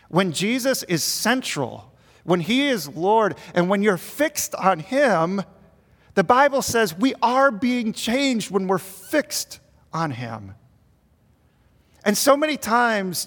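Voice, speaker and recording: A middle-aged man, a pastor, preaching a sermon with earnest emphasis that swells and then drops quiet. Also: high voice. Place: large church sanctuary. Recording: long reverb of a large hall.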